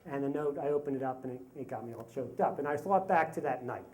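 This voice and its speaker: A man in his fifties telling a comic personal story live on stage, with self-mocking humor and halting restarts. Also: medium pitch, a little mellow. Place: stage before a live audience.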